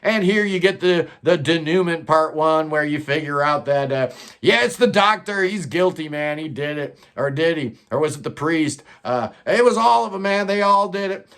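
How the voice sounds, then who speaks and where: A man's voice: a little high, expressive, moderate pace, a bit bright, clean tone. A man giving a casual, rambling album review, enthusiastic and full of fillers. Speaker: music reviewer.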